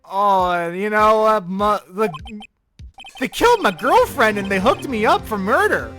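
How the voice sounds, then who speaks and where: A man's voice: high-pitched, expressive, measured pace, sharp tone, faint music behind, heavily acted. A man voicing a hysterical young man on trial, wailing and stammering melodramatically.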